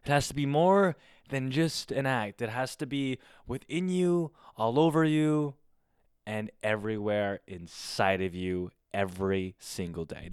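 A man hosting his own podcast alone, chatting casually in a rambling, excitable way with a lot of swearing. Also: medium pitch, unhurried, smooth, dry recording, clean studio sound. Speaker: podcast host. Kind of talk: casual solo podcast chat. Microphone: close studio mic on camera.

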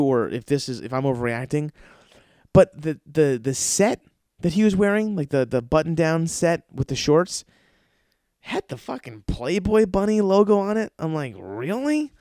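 A man's voice: moderate pace, dry recording, studio quality. Profane, rambling male podcast host. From lives in Los Angeles. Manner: profane, rambling, animated, mimics others in high voices. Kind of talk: casual storytelling monologue.

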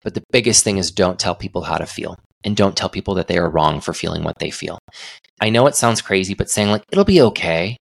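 A man's voice: deep voice, fast talker, vocal fry, no room sound, clean studio sound. A young adult man hosting a solo podcast, talking in an earnest, reflective way with frequent restarts. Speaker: podcast host.

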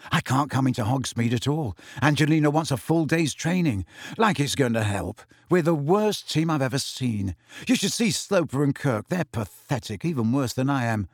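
A man reading aloud, voicing a gloomy, suspicious teenage boy who talks slowly. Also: mid-range voice, animated, dry recording, clean studio sound, close to an everyday voice. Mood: glum.

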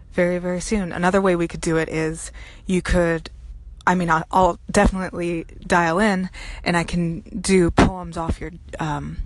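Woman with a Southern accent, lowish voice, gushing, rambling, podcast host. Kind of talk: replying to a listener's voicemail.

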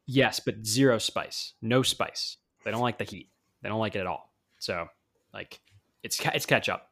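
A man co-hosting a casual podcast on a video call, talking in a halting, playful way with lots of fillers. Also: lowish voice, fairly bright tone. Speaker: podcast co-host.

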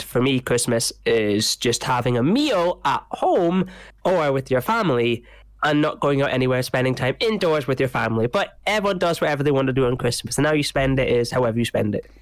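Sex: man. Role: podcast co-host. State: blocked nose. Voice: nasal, medium pitch. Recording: dry and close. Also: expressive, a little fast, no room sound. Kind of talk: casual chat.

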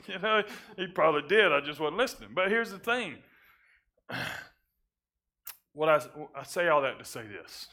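A male pastor giving a sermon testimony, moving from hushed, halting confession with repeated restarts to loud, fervent preaching. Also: medium pitch. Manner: halting restarts when emotional.

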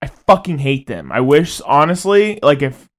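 A man with a somewhat high voice talks casually as a podcast co-host. He rambles, swears freely, and often breaks into laughter. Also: sing-song, moderate pace. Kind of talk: casual chat.

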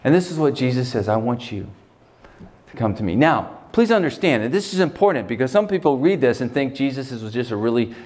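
An American man delivers a conversational sermon as a pastor, moving between loud, emphatic lines and hushed, quiet quotations. His mid-range voice has a sing-song lilt, and he speaks fairly quickly.

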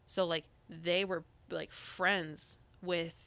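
Chatty young woman with a bright voice. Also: on the low side, level tone, takes it slowly, dry recording. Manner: chatty, rambling with many "like"s and restarts. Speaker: podcast co-host. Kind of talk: casual chat.

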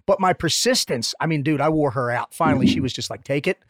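A man's voice: on the high side, expressive, quick pace, no echo, clean studio sound. Joking, foul-mouthed male podcast host. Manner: blunt, joking, swears freely. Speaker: podcast co-host, former Navy SEAL. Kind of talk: casual interview chat.

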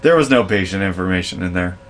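A young adult man telling work stories in a casual chat, animated and laughing, acting out the voices of others. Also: deep voice, fast talker, a little hiss or hum. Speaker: podcast co-host, storyteller.

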